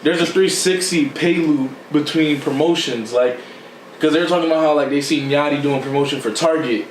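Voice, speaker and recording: A man chats on a podcast and acts out every quote, jumping in pitch whenever he plays someone else. His voice sits a little high. He sounds distant in a roomy space, with faint hiss behind. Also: a little fast. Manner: animated storytelling, acts out quotes with sudden pitch jumps. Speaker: podcast co-host. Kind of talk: casual chat.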